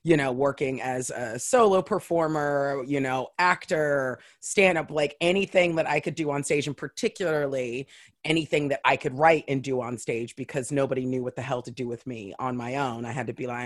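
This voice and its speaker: A woman's voice: rumbling low, moderate pace. A woman comedian in casual conversation, telling stories with lots of "like" and acting out other people's voices. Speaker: comedian guest. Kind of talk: casual chat.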